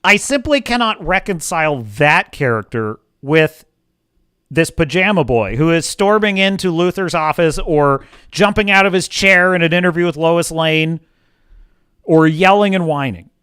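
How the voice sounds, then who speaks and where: A man's voice: a little high, a bit bright, clear, resonant tone, no echo, clean studio sound. Passionate man hosting a film chat. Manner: passionate, opinionated. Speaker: livestream host. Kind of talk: casual film commentary.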